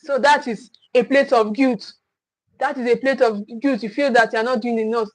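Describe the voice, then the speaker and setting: A woman's voice: on the high side, steady tone, normal speed, no room sound, poor audio. A woman gives a livestream parenting talk. She speaks earnestly, repeats her points and acts out what parents say. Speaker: parenting coach.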